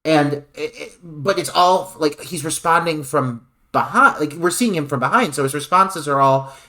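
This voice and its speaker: A man's voice: on the high side, normal speed, bright, forceful tone. A man co-hosting a podcast, discussing a film with sarcastic, profane asides. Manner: sarcastic and wry, swears freely. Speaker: podcast co-host.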